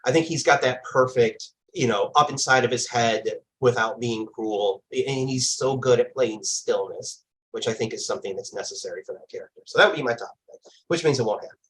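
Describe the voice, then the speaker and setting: A woman's voice: extremely low pitch, fairly quick, rough recording. A woman on a podcast panel, chatting casually and arguing her opinions emphatically.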